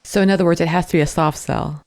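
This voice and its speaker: Brief: podcast host woman, lower pitch, reflective and conversational interviewer. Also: steady tone, fast, darkish tone. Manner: conversational, rephrasing the guest's points.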